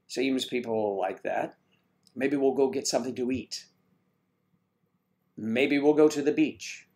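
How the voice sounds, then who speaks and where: A man's voice: mid-range voice, a little slow, darkish tone. Rambling man hosting a live chat. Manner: rambling, joking, greets viewers and reads their comments aloud. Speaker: live stream host.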